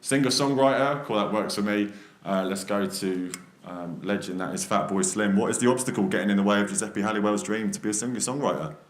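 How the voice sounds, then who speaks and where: A man's voice: fairly low pitch, echoey room. A man performing an improvised freestyle rap story before a live audience, taking suggestions and rhyming in a rhythmic flow. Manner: rhythmic, rhyming delivery with quick laughs. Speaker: freestyle rapper.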